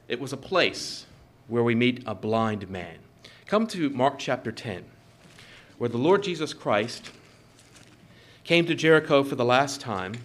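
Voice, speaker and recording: A man preaching a sermon in a measured, emphatic way, repeating key phrases for stress. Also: medium pitch, a bit bright.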